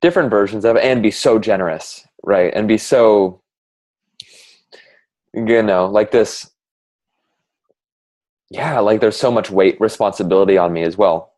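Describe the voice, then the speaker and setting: Deep-voiced man, reflective and halting. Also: a little mellow. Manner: reflective and halting, many "like" fillers. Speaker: conversation partner sharing reflections. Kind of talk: casual heartfelt conversation.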